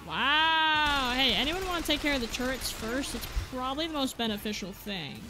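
A woman's voice: high-pitched, expressive, normal speed. A woman playing a video game, chatting and joking at the characters on screen as she plays. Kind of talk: casual let's-play commentary. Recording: game music behind voice.

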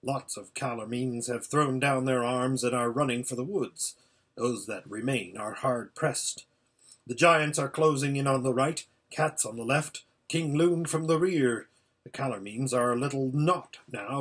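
A man voicing an old hermit who calls out a distant battle as he watches it, in a steady, hushed running report. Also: mid-range voice, breathy edge.

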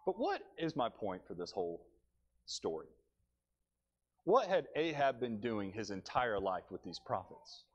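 A male preacher delivering a sermon in church, telling the story with animated, dry humor. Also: on the low side, a little slow, lo-fi sound.

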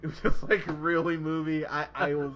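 A man's voice: fairly high pitch, moderate pace, very noisy. A man reviewing a movie on a podcast in casual, profane chat, rambling and laughing as he quotes scenes. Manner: rambling, laughing, quoting in animated voices. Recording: dull lo-fi podcast audio.

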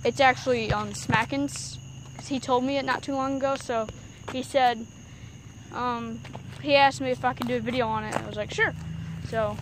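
A woman's voice: a little high, fairly even intonation, normal speed. A teenage girl chatting casually and rambling as she vlogs outdoors in the countryside. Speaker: vlogger. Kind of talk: casual vlog chat. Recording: phone recording outdoors with background noise.

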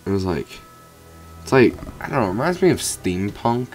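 A man's voice: on the low side, sing-song, moderate pace, darkish tone, soft background music. A man giving rambling let's play commentary over a video game, swearing casually at it. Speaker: gamer commentator.

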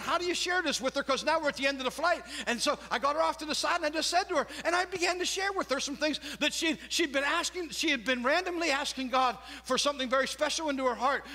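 Delivering a sermon with a story full of jokes, this man has a very high, pushed, bright voice. He chuckles at his own humor and quizzes the crowd, all inside a church sanctuary with long reverb.

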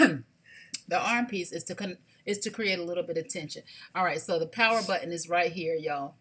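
A woman, hosting a casual live shopping stream, sassy and animated, talking straight to her viewers. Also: mid-range voice, moderate pace. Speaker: livestream shopping host.

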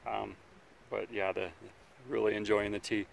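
A man hosting a casual outdoor survival vlog, talking in a relaxed, rambling way by a campfire, sometimes chewing as he speaks. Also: on the low side, a little slow, creaky. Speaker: outdoor survival channel host.

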